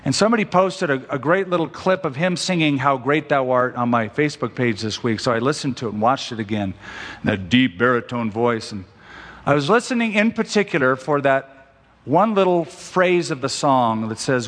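A man preaching a sermon as pastor, slowing down and stretching out the scripture he quotes for emphasis. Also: medium pitch, lively intonation, a bit bright. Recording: long hall reverb.

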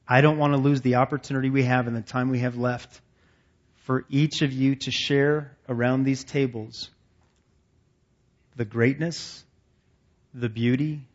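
A man's voice: medium pitch, lo-fi sound. A man leading a men's ministry meeting, preaching in a folksy, conversational and self-deprecating way to men seated around tables. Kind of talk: sermon to a men's gathering.

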